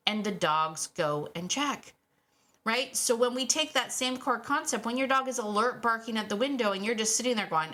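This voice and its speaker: A middle-aged woman hosting a casual solo podcast about dogs, animated and quick to act out what dogs might say, laughing often. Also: on the high side. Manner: animated, acts out dogs' voices, laughs often. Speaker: podcast host and dog trainer.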